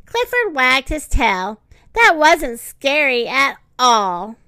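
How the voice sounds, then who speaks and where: High, sing-song woman reading a storybook. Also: very animated, takes it slowly, sharp tone, no room sound. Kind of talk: reading a picture book aloud.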